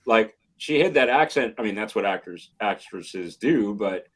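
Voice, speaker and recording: A man's voice: lowish voice, expressive, normal speed. A man co-hosting a casual chat show, rambling and leaning on fillers as he talks. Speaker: podcast co-host.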